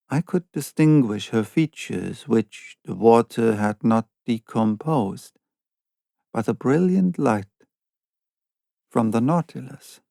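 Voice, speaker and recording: Slow, gravelly-voiced male audiobook narrator. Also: medium pitch, a little mellow, no room sound, clean studio sound. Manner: measured, deliberate reading pace. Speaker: audiobook reader.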